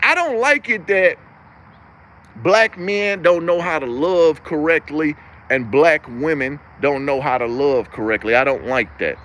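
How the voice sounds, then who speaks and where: In an unhurried, slightly bright high voice, a young livestream host preaches at length with no pause, pounding his arguments through repetitive, emphatic wording.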